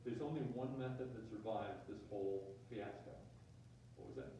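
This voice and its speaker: Goofy male math teacher in a class, mellow voice, echoey room, mic far away. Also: fairly low pitch, moderate pace, a little hiss or hum. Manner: joking, animated, talks to himself. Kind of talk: classroom lecture. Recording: echoey room, distant mic, dull sound.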